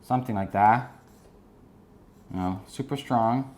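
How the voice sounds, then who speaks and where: A man giving an energetic business lesson while drawing on a board, often checking in with his listeners. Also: mid-range voice, measured pace. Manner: energetic, keeps checking in with "right?" and "okay?". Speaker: business instructor.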